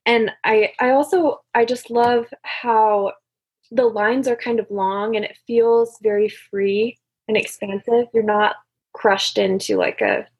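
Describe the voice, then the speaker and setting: A woman's voice: on the high side, lively intonation, slow, breathy edge. A woman chatting eagerly and casually about a poem, with many fillers. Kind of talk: casual chat.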